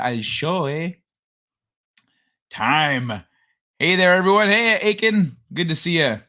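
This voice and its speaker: Male livestream host, high and animated, jokey and rambling with viewers. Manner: rambling, jokey, greets chatters by name. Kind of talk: casual livestream chat.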